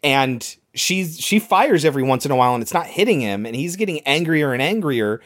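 A man's voice: on the high side, animated, brisk, a bit bright. A man co-hosting a casual podcast, animatedly retelling a film's scenes and laughing often. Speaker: podcast co-host. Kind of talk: casual movie recap chat.

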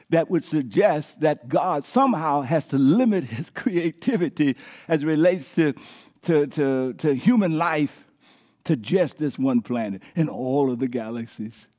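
A man preaching a live sermon as pastor, emphatic, calling on the congregation to answer back and swinging between near-shouts and hushed lines. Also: fairly high pitch, animated, normal speed. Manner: engages the congregation with call-and-response prompts.

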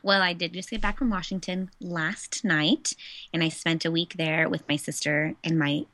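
Young female podcast co-host, bubbly casual chatter, lowish bright voice. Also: normal speed. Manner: bubbly, gushing, lots of "like" and "so excited". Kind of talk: casual chat. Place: Central California.

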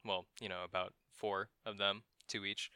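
A man's voice: on the low side, little pitch movement, moderate pace, background noise. A man hosting a podcast, telling a true-crime story as casual chat, profane and wry, chuckling at grim details.

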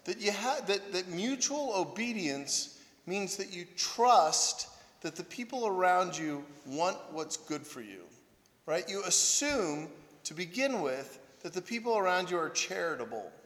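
A priest and monk gives a very animated, conversational sermon at a measured pace, his high voice fairly bright as it fills a large hall. He tells funny stories that poke fun at himself and often checks in with "right?".

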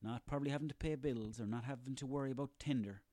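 A man's voice: medium pitch, quick pace, dark tone, no room sound. An Irish man in his thirties delivering a sarcastic, profanity-laden comic rant on his own. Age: 30s. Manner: profane, sarcastic, ranting, rambling.

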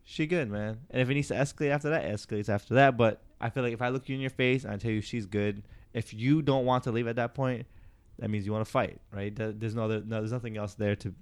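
A man's voice: mid-range voice, fairly even intonation, fast, smooth. A man co-hosting a podcast, chatting casually and animatedly, acting out voices as he tells a story. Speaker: podcast co-host. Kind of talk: casual chat.

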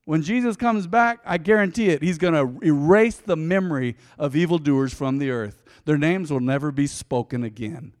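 Emphatic preacher with a reverberant sound. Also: male voice, fairly high pitch, normal speed, hardly any pauses. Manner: swings from emphatic to soft and reflective, talks to listeners directly. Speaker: pastor. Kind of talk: devotional Bible teaching.

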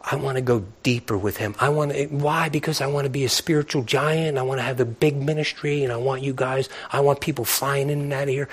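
A man's voice: medium pitch, fairly even intonation, brisk, few pauses, slightly rough. A man preaching to his congregation in a fervent, repetitive style. He circles back on the same phrases again and again. He breaks off now and then for playful asides to listeners. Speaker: pastor. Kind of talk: sermon.

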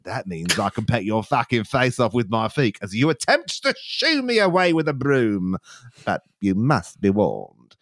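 A man voicing a pompous male would-be gladiator who speaks of himself in the third person, slow and grand. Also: medium pitch, big pitch swings, a bit bright, no echo. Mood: grandiose. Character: pompous male aerial-ace gladiator hopeful.

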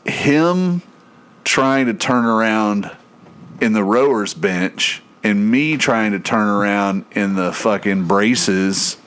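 A man's voice: on the low side, takes it slowly, clear, resonant tone. A man telling a story in casual chat, swearing freely and laughing as he goes. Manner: profane, animated, laughs through his own story.

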